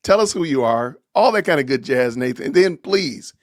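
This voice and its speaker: A man hosting a live-stream podcast, talking casually in an animated, exasperated and joking way. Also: medium pitch, moderate pace, no room sound, studio quality. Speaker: podcast host.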